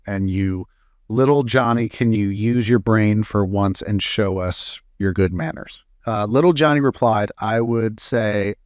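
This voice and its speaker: Lowish male voice reading jokes, dry. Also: dry recording. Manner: plain storytelling with frequent "uh" fillers. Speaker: joke reader.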